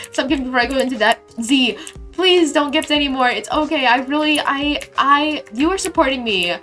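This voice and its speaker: Young woman streamer, casual game chat, bubbly and playful; slightly high, bright tone. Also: moderate pace, faint music behind. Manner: bubbly, gushing thanks to chat, playful slang. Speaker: live streamer.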